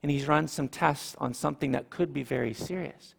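A man preaching a sermon, animated, with dramatic pauses and repeated phrases. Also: fairly high pitch, gravelly, in a large hall. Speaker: pastor.

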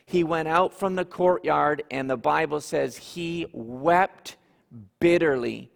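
A man preaching a sermon, telling the story slowly and earnestly with dramatic pauses. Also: fairly high pitch, vocal fry. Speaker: pastor. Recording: long hall reverb.

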